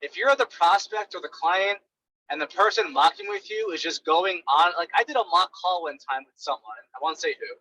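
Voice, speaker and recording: Young male sales coach, high voice, bright and forceful, casual and blunt. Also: moderate pace, rough recording. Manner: animated, blunt, many fillers like "right" and "like".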